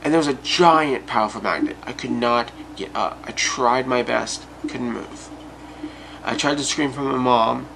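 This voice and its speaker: A man's voice: mid-range voice, a little slow, gravelly, noisy background. A man telling a personal story and talking casually and directly to his viewers. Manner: chatty, addresses viewers directly. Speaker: YouTube storyteller.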